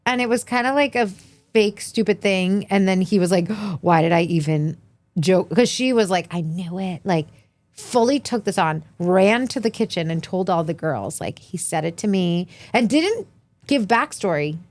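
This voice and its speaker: A woman's voice: medium pitch, animated, normal speed, a little mellow. A young woman co-hosting a podcast, recapping reality TV in casual chat and acting out quotes in many voices. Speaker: podcast co-host.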